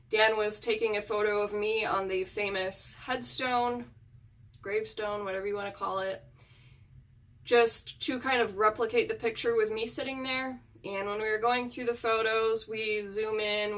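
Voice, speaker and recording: A woman's voice: medium pitch, fairly even intonation, moderate pace, a bit bright, recorded from a distance. A woman who hunts ghosts, talking earnestly in a casual chat with her viewers. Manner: chatty and earnest, with frequent fillers. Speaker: paranormal investigator vlogger.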